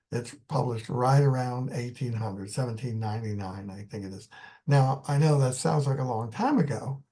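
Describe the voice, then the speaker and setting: A man lecturing on poetry in a live online class, explaining in an unhurried way and thinking aloud with many fillers. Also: mid-range voice, warm tone.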